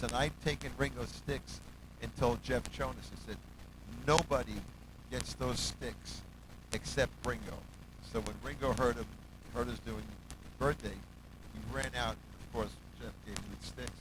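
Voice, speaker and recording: A male musical director tells stories in a loose interview. He jumps into different voices for the people in them and counts out beats. There is clear background noise in the recording. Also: normal speed. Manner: animated, acts out quotes, hums bass lines and counts beats. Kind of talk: casual storytelling interview.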